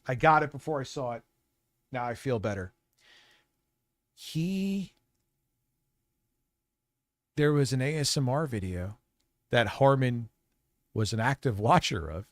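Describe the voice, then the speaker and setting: A man live-streaming, rambling and reacting loudly in casual, profane commentary. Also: mid-range voice, animated, measured pace, pauses often, dry recording.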